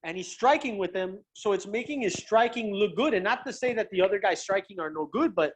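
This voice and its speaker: A young man, a professional fighter, chatting as a guest and telling stories in an animated, profane way, often restarting his sentences. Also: high voice, fairly quick, a little hiss or hum. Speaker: guest, pro MMA fighter. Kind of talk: casual chat, storytelling.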